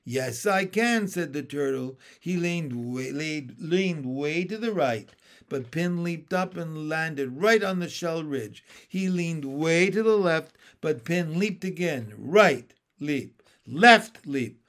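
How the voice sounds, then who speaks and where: Slow, calm male storybook reader. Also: a little high. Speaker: audiobook reader. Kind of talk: storybook narration.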